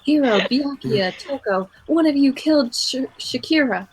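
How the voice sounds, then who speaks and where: A woman voicing a cool young female investigator in a fan dub, making calm, pointed accusations. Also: high-pitched, unhurried, slight background noise, rough recording. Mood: accusing.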